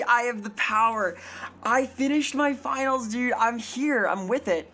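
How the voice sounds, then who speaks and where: A woman's voice: fairly high pitch, lively intonation, measured pace, bright, forceful tone. A woman streaming live in a casual, silly way, swearing freely, her throat strained from too little sleep.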